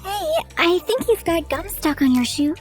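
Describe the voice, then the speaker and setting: A man's voice: very high voice, animated, moderate pace, faint music behind, pitched above the performer's own voice. A man putting on a bubbly teenage girl. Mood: friendly.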